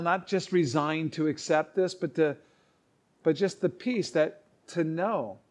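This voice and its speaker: A man preaching, telling stories in an earnest, halting way with many restarts and acted-out quotes. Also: fairly high pitch. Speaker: pastor. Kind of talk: sermon storytelling.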